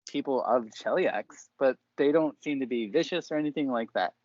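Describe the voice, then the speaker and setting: A man's voice: medium pitch, moderate pace, a little mellow, dry recording, highs cut off. A man narrating a tabletop game as game master, rambling with many fillers. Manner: rambling, lots of fillers like "like" and "kinda".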